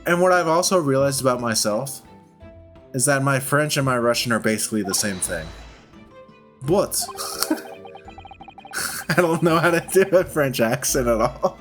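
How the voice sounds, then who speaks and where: A man's voice: medium pitch, lively intonation, normal speed, long pauses, fairly bright tone. A man casually commenting as he plays a story game, self-deprecating and chuckling. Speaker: let's play host. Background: game music.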